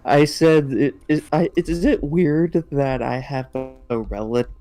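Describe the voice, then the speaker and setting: Young guy, casual friend on a call, mid-pitched, halting and rambly. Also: dark tone, faint music behind. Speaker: friend on stream. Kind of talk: casual chat.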